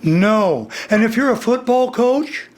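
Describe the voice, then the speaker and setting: A man's voice: very high-pitched, lively intonation. Older man with a slightly worn voice. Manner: demonstrates vocal registers, slow and deliberate. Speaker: voice teacher. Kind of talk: instructional interview.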